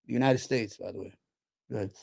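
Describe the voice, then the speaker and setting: A man's voice: medium pitch, fast talker, vocal fry, darkish tone, breathy edge. A man hosting a show, giving blunt, heated reaction commentary and swearing freely. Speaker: host.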